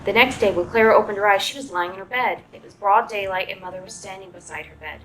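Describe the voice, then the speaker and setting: A woman librarian reading a children's story aloud in a clear, expressive storytelling manner. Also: mid-range voice, quick pace, hardly any pauses, over loud music, low-quality recording.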